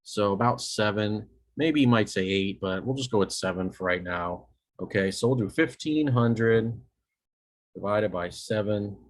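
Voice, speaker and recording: A man's voice: fairly low pitch, a little slow. A man teaching a recorded lecture over a shared screen, casual and self-correcting, often checking in with "okay?" and dropping dry jokes. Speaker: EMS instructor.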